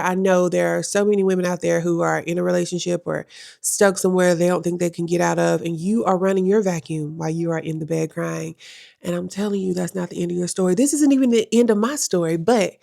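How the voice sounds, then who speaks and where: A woman's voice: on the low side, a little fast, vocal fry, warm tone, no echo, studio quality. A young adult woman vlogging at home, talking to the camera in a casual, emphatic way and repeating phrases for effect. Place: at home in her room.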